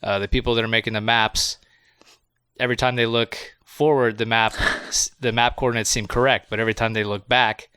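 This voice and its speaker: Laughing, foul-mouthed podcast guy, bright voice. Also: mid-range voice, level tone, fairly quick, clear, resonant tone, no echo, studio quality. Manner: laughs often, swears freely, recounts plot in loose rambling bits. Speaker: podcast co-host. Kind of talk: casual movie review chat.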